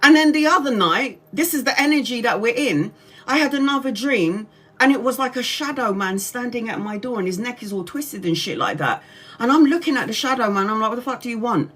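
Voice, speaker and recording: A woman's voice: fairly high pitch, animated, a little fast, a bit bright. A woman, chatting casually on a tarot livestream, swearing freely and laughing often. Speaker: tarot reader.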